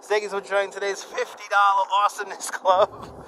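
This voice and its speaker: A man hosting a live walking tour stream outdoors by a harbor, excitable and out of breath, thanking donors effusively through a clip-on mic. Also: sits high, brisk, slight background noise, poor audio. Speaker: livestream host. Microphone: wireless clip-on mic.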